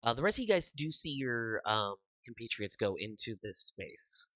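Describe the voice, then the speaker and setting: Bright-voiced man running a tabletop game. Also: mid-range voice, big pitch swings, no room sound. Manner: halting, full of uhs and restarts. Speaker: game master.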